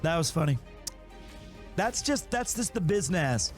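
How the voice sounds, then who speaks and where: A man with a high voice chats casually on a live stream. He tells long, self-interrupting stories. Faint music plays under his voice. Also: sing-song, measured pace. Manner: rambling, self-interrupting anecdotes. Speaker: streamer hosting a watch party. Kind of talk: casual chat, storytelling to chat. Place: home streaming studio.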